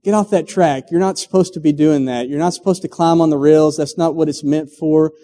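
A man's voice: fairly high pitch, fairly even intonation, brisk, mellow, natural voice. A man preaching, voicing a kind man who calls a listener down to give him advice. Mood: coaxing. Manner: reassuring, coaxing. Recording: long hall reverb.

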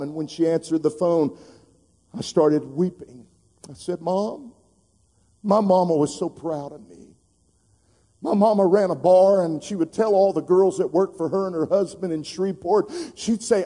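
Preacher in a reverberant church hall. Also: male voice, sits high, steady tone, moderate pace. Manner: emotional, building to loud preaching. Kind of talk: sermon storytelling.

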